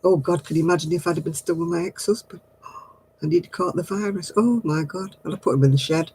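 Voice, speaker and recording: Husky, chatty woman. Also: fairly low pitch, fast talker, a little mellow, poor audio. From northern England. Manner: chatty, laughs often, homely exclamations. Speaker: craft livestream host. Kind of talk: casual chat with viewers.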